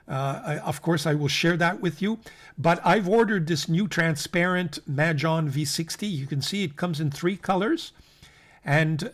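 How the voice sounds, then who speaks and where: A man hosting a pen channel, walking viewers through new pens in a casual, rambling way with many fillers and restarts, calling them folks. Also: a little high. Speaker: fountain pen channel host. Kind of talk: casual product roundup.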